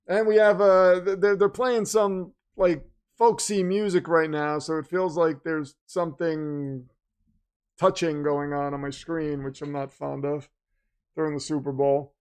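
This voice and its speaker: A man's voice: on the high side, little pitch movement, unhurried, clean tone. A man hosting a live stream, reacting to a football game and chatting with viewers, swinging into announcer-style hype. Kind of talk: casual live-stream commentary.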